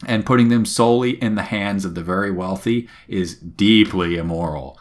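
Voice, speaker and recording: A man's voice: low-pitched, moderate pace. A man hosting a podcast, recapping a video game in casual, wry and opinionated chat. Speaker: podcast host.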